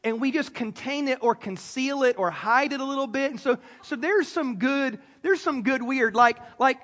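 Pastor guy, joking around with the crowd, pretty high voice, long church reverb. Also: a bit bright. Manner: joking, talks straight to the congregation. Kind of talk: sermon. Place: church sanctuary.

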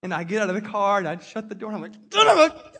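High-voiced storytelling man preaching. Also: rapid-fire. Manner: conversational storytelling preacher, animated call-and-response. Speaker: pastor. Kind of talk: sermon.

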